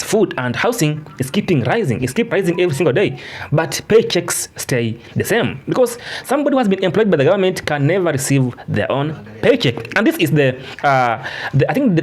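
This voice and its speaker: Halting man narrating, lively pitch. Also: slightly rough. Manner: halting, with fillers and restarts. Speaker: news commentator. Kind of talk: commentary narration.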